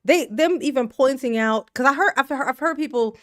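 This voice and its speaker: A woman's voice: sits high, brisk, fairly bright tone, no echo, studio quality. A woman hosting a casual live stream, reading viewer comments aloud, laughing often and talking in a slangy, emotional way. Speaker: livestream commentary host.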